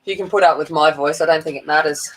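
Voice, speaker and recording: A woman's voice: deep voice, quick pace, slight background noise, low-quality recording. A woman with a broad Australian accent, chatting casually and rambling while she colours on a livestream. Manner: chatty, rambling, self-mocking.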